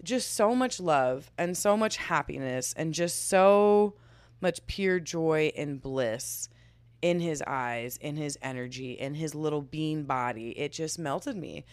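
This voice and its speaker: A woman's voice: low voice, takes it slowly, no room sound. A woman in her twenties hosting a podcast alone, telling a personal story in a candid, chatty way with frequent laughs and casual swearing. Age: 20s. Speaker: podcast host.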